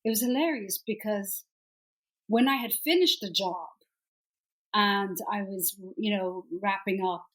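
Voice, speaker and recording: A middle-aged Irish actress chatting as an interview guest, lively and quick to laugh. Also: female voice, medium pitch, low-quality recording. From Ireland. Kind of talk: casual interview chat.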